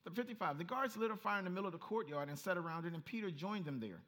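A male pastor preaching a lively, story-driven sermon and acting out voices as he goes. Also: high-pitched, racing. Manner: animated storytelling, acts out voices, laughs.

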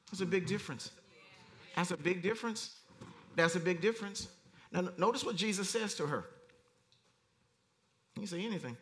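Man, preacher, conversational sermon, high voice, animated, laughing asides. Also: brisk, long pauses. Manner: animated, swings from quiet to loud, laughing asides. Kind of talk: conversational sermon, reading verses aloud.

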